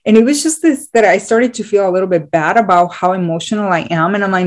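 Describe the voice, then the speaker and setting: A woman's voice: medium pitch, quick pace, hardly any pauses. A woman in casual conversation, talking openly and emotionally, rambling with many fillers.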